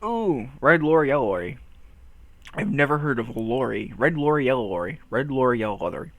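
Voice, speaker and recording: A man's voice: mid-range voice, animated, fairly quick, no room sound. Playful man stumbling through tongue twisters. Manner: playful, stumbles and swears, laughs at himself. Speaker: channel host. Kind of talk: casual tongue-twister challenge vlog.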